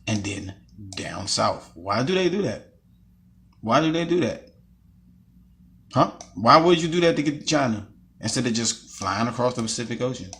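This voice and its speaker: A man's voice: mid-range voice, a bit bright, breathy edge. A man from the United States ranting heatedly in a casual vlog, swearing often and repeating himself as he explains his point. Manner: heated, profane, repetitive. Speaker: vlogger.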